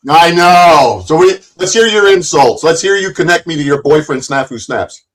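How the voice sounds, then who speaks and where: A man's voice: fairly high pitch, brisk. Taunting man hosting a heated livestream. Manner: taunting, profane, shouts insults and interrupts. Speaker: livestream host. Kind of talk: combative livestream argument.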